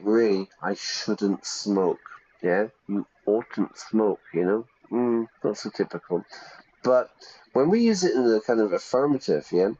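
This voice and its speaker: A man's voice: on the low side, mellow, husky, muffled recording. A man teaching English while streaming a game, chatty, explaining with examples and checking in with "yeah?".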